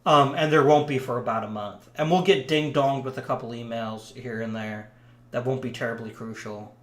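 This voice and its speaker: A let's play commentator casually talks over a hockey management game he's playing, chatty and rambling with frequent ums. He has a medium-pitched voice at normal speed, and the room is echoey.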